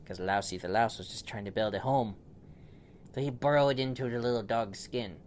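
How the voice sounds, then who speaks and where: A man improvising a bedtime story for a child, playful and animated, with big swings in loudness. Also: mid-range voice, normal speed, slight background noise.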